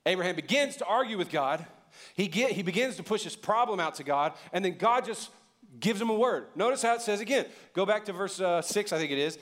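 A man's voice: high-pitched, a bit bright. A man preaching a sermon as pastor, talking in a conversational way and putting questions to the congregation.

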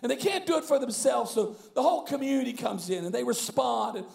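Animated, gravelly-voiced male pastor preaching. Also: extremely high pitch, fast talker. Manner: animated storytelling, bursts into shouting; many repeated words and restarts. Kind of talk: sermon.

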